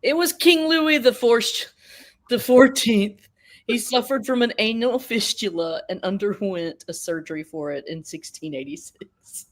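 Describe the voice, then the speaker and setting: A woman's voice: fairly high pitch, unhurried. A woman co-hosting a podcast, chatting casually with dry quips and bits of trivia. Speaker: podcast co-host. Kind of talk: casual chat.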